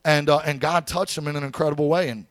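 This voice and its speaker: High-voiced pastor telling stories in a sermon. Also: male voice, fairly even intonation, fast talker, no echo. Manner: conversational storytelling with preacher call-outs.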